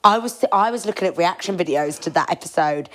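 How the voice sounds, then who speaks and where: A woman with a British accent hosting a podcast, chatty and eager, full of quick agreement. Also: fairly low pitch. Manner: chatty, eager, lots of yeahs and laughter. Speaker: podcast host. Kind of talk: casual chat.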